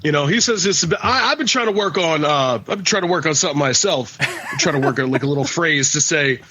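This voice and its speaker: A man's voice: a little high, lively intonation, brisk, sharp tone, breathy edge. A man co-hosting a podcast in casual chat, rambling and swearing, with many restarts. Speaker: podcast co-host.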